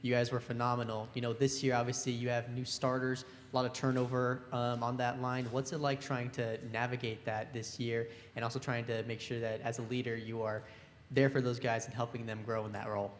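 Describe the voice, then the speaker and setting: A male reporter asking a measured question at a press conference. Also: medium pitch, flat delivery. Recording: long reverb of a large hall, faint noise.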